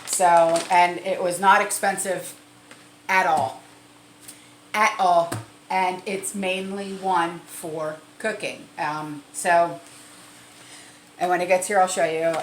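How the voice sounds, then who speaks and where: A woman's voice: on the low side, slight background noise. A middle-aged woman chatting casually to camera as a prepping vlogger, repeating herself and laughing now and then. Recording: echoey room.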